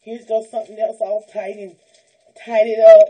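A woman's voice: fairly high pitch, level tone, normal speed, warm tone, slightly rough, low-quality recording. A woman, opening gifts on a vlog, gushing and squealing and close to tears, calling out praise to God. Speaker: vlogger opening a gift package. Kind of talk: unboxing vlog, emotional chat.

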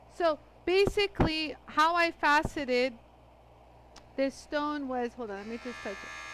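A woman's voice: sits high, a bit bright, a little hiss or hum, poor audio. A woman hosting a live product demonstration, chatty and laughing often as she greets viewers by name. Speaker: livestream demo host.

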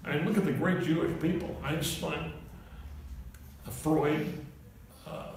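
A man's voice: a little high, steady tone, takes it slowly, gravelly. A man in his eighties, a comedian, telling a rambling string of anecdotes to a live audience and chuckling at his own punchlines. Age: 80s. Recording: roomy, distant mic, faint hiss.

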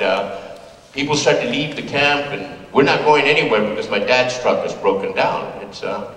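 An older man from California recounts memories to a listening crowd in a relaxed, folksy storyteller's manner. His voice sits at an ordinary middle pitch. It sounds distant from the mic and echoes around a big, reverberant hall. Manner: conversational, folksy, laughs at his own jokes. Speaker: speaker giving a talk. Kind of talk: storytelling talk to an audience.

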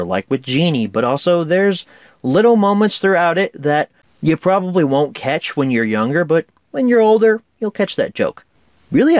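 A man chatting about a movie with a lively, bouncy voice that rises and falls a lot, enthusiastic and quick to laugh. The sound is dry and close. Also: mid-range voice, dry recording. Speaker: film reviewer. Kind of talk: casual movie review.

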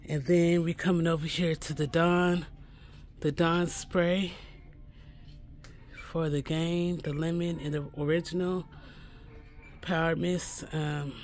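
A man's voice: on the high side, flat delivery, slow pace, long pauses, faint music behind. A man giving a casual shopping walkthrough inside a pharmacy store, chatty and correcting himself as he repeats the prices. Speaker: shopping vlogger.

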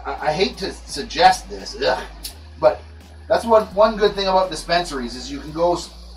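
A laid-back man with a fairly high voice hosts a casual livestream from an indoor grow room, rambling with lots of fillers. The room is echoey, his voice sits far from the mic, and faint music plays.

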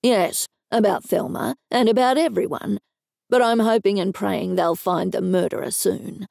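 An Australian woman voicing a gruff, irritable male builder. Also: medium pitch, fairly even intonation, normal speed, a little mellow, dry recording, studio quality. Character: gruff grumpy male builder, middle-aged.

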